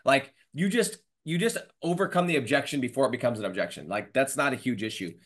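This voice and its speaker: Energetic slangy man hosting a podcast. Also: mid-range voice, fast. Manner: energetic, slangy, says dude and bro. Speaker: podcast host. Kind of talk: casual interview chat. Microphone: video call.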